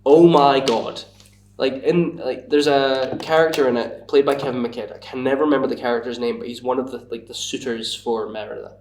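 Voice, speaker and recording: A young Scottish man talks at an ordinary pitch in a loose, rambling way, padding his sentences with "like" and poking fun at himself. He sounds a bit far from the mic, and the room rings with echo. It is casual podcast chat. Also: steady tone, fairly quick, hardly any pauses, a little mellow, a little hiss or hum. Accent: Scottish, Glasgow area. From Scotland. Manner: rambling, lots of "like", self-mocking. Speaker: podcast guest, bar worker.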